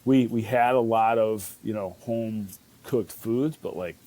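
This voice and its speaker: A Chicago chef in his 50s tells stories in a casual interview, rambling along with fillers and restarts. His voice is on the low side, warm, and unhurried.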